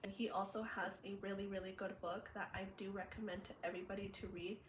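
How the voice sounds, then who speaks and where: A woman's voice: mid-range voice, flat delivery, fast talker. A young woman telling a personal story in a vlog, chatty with many fillers, emotional and laughing through tears. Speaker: vlogger. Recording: roomy echo, faint background hum.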